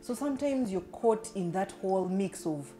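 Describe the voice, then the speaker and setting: A woman chats casually, often murmuring agreement before she adds her own thoughts. Music is clearly audible under her voice. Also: mid-range voice, animated, moderate pace, dark tone. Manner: supportive listener, frequent murmured agreement. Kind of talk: casual chat.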